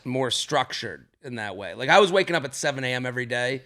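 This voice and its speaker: A man in his thirties, a comedian guest on a podcast, riffing with quick, playful jokes in casual chat. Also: mid-range voice, expressive, sharp tone. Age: 30s.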